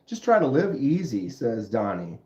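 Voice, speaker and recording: A middle-aged man with a stuffy nose hosting a casual livestream, chatting with viewers in a laid-back, drawn-out way. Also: medium pitch, big pitch swings, mellow. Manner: laid-back, drawn-out, says dude and bro. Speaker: livestream host. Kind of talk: casual livestream chat reading comments. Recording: roomy, dull lo-fi sound.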